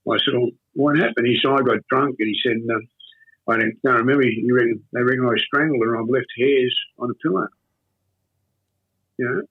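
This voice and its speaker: An older man with an Australian accent, telling a long story in an interview in a rambling, halting way with many fillers and restarts. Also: mid-range voice, fairly even intonation, creaky, husky. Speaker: interview guest. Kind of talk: casual storytelling. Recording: tinny phone-like audio.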